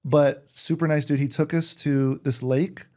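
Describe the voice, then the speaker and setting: A man talking as a podcast guest in casual chat, telling lively stories and acting out the voices of people he quotes. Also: a little high, unhurried. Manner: animated storyteller, acts out quoted voices. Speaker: guest comedian.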